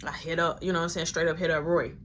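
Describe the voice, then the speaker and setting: A man's voice: on the high side, a little hiss or hum. A man casually telling a story about a shift at work, animatedly acting out everyone's lines. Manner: animated, acts out dialogue, quick quoting.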